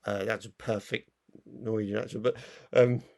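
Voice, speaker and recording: A man with a gravelly, fry-tinged voice co-hosts a film review chat. He talks loosely, circling his point with fillers and restarts. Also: lowish voice, level tone, moderate pace, a little mellow. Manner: rambling, full of fillers and restarts. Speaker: film review show co-host. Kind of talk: casual chat.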